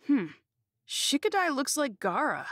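A woman's voice: high voice, very animated, measured pace, a bit bright, no room sound, clean studio sound, full character voice. A woman voicing a brash, cocky teenage boy ninja in a game cutscene, playful and teasing. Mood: breezy. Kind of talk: video game cutscene dub.

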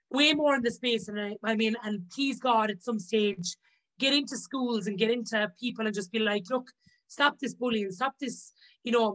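Lady guest on a chat podcast, slightly high voice, animated quotes. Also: low-quality recording. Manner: upbeat, heartfelt, acts out quoted speech. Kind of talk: casual interview chat.

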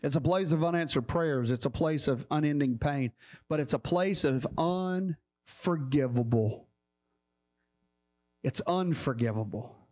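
A man pastor preaching a sermon in a church, fervent and repetitive, building up to shouts. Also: fairly high pitch, measured pace.

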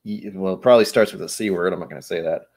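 A man with a slightly low voice talks casually while tasting whiskey on his stream. He rambles and jokes, answering his chat as he goes. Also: racing, darkish tone, husky.

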